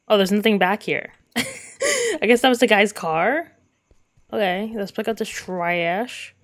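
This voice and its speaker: A woman giving let's play commentary on a game, giggly, often breaking into laughter and exclaiming in disgust. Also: mid-range voice. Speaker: gaming video creator.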